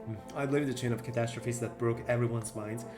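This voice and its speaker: A man's voice: mid-range voice, steady tone, fast talker, over music, lightly acted. A man voicing an angry, bitter bar patron in a vague made-up accent with rolled R's.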